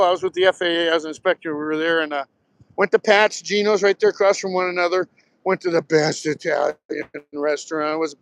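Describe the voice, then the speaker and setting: Rambling man in his sixties, higher voice. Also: creaky, no room sound, poor audio. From Southern New Jersey. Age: 60s. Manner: rambling, storytelling, swears casually. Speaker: live streamer, retired Marine pilot. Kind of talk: rambling casual live-stream chat. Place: outdoors on a beach, walking. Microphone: phone held while walking.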